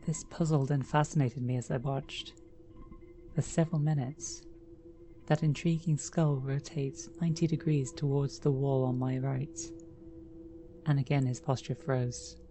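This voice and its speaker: A woman narrating a first-person horror story in a measured, dramatic reading. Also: very deep voice, steady tone, mellow, soft background music.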